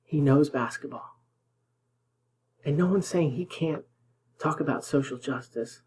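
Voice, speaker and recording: A man's voice: a little high, measured pace, a little mellow, slightly rough, low-quality recording. A man hosting political commentary, reacting indignantly to news clips, sometimes dropping to a whisper for emphasis.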